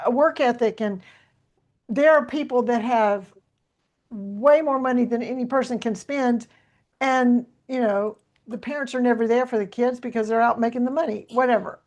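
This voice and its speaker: Woman host, conversational and encouraging, pitched a bit high. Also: steady tone, moderate pace, darkish tone. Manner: encouraging, affirming. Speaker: podcast host. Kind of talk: conversational interview hosting.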